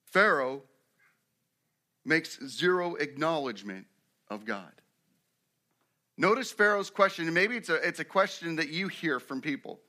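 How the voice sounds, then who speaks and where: A man preaching a sermon, who moves from quiet storytelling to loud, emphatic preaching and asks his congregation questions. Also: a little high. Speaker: pastor.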